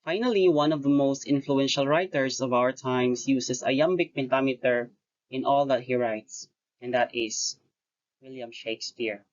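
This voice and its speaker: Slow, deliberate teacher on a lo-fi recording. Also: medium pitch. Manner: deliberate, pauses often between phrases, corrects own wording. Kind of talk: recorded lecture-style lesson. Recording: dull lo-fi voice recording.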